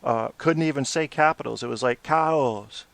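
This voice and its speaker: A man's voice: medium pitch, fairly quick, creaky, fairly bright tone, dry recording. A man in his forties hosting a post-game hockey talk show, opinionated and blunt, swearing when riled. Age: 40s. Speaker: podcast host.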